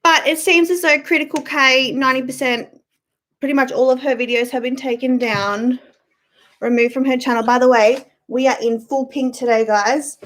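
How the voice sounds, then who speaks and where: A young woman with a high voice talks straight into a webcam mic at home during her live stream. Her tone is blunt and irritated, and she swears freely while greeting chat viewers by name. The delivery stays casual and off the cuff. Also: steady tone, normal speed, a bit bright. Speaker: YouTube livestream host.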